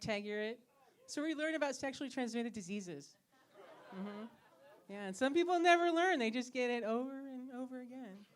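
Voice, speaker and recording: A woman with a high voice works a comedy club stage with a handheld mic. She teases the crowd with quick questions and deadpan jabs between jokes. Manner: teasing, asks the crowd questions. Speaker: stand-up comedian and pharmacist. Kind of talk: stand-up comedy set.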